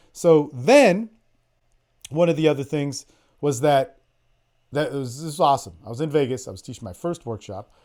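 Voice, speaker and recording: A man hosting a podcast, telling stories in a casual, profane, animated way and quoting other people in quick bits as he goes. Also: fairly high pitch. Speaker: podcast host, dating coach. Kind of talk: casual storytelling on a group call.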